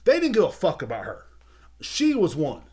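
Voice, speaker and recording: A man's voice: on the high side, wildly swooping pitch, normal speed, darkish tone, husky. A young man hosting a podcast, ranting heatedly and repeating himself with constant swearing. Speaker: podcast host. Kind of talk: profane rant. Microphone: video podcast mic.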